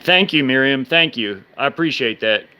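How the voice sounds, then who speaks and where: Man in his thirties, casual stream chatter, mid-pitched voice, halting delivery full of restarts. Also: lively intonation, sharp tone, clear, resonant tone. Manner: halting, many restarts and fillers, speech slurs when fast. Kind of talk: casual live-stream chat.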